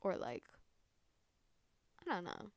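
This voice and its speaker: A woman's voice: slow pace, dry recording, muffled recording. A young woman hosting a casual solo podcast at home, rambling through her thoughts with lots of fillers and casual swearing. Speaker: podcast host. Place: room at home with window open.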